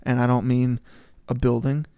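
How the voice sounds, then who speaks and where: A young man with a gravelly, creaky edge talks through a faith podcast, earnest and sincere, often restarting his sentences. The sound is dry and close, with no room around it. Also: medium pitch, flat delivery, moderate pace, dark tone, dry recording. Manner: earnest storyteller, repeats words as he thinks. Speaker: podcast co-host. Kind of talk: casual faith podcast chat.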